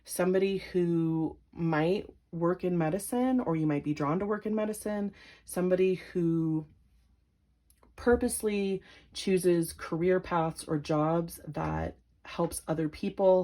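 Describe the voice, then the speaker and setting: Woman reading tarot cards for viewers, kinda gravelly n mellow, soft and emotional, says like a lot. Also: fairly low pitch, a little slow. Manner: gentle, emotional, many "like" fillers. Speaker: tarot reader. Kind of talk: pick-a-card tarot reading.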